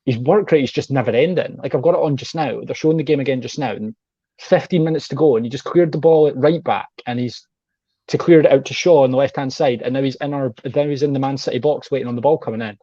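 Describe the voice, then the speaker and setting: A man's voice: medium pitch, quick pace, warm tone, no room sound, lo-fi sound. A man talking football as a guest, rambling and saying "like" a lot. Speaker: guest pundit. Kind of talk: casual chat.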